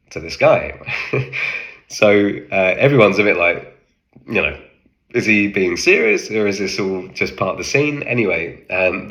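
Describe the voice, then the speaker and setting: A man casually recounting an anecdote from working as an extra on a film set, halting with many fillers and acting out quoted lines. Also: low voice, bright, forceful tone.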